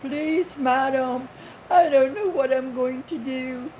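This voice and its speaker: A woman's voice: mid-range voice, fairly even intonation, normal speed, darkish tone, a little hiss or hum, natural voice, low-quality recording. A woman imitating a tearful young male scammer who begs for money. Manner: begging, whiny.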